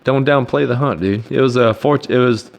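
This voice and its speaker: A man's voice: medium pitch, moderate pace, vocal fry. A man co-hosting a hunting show in casual chat, prompting his partner with questions.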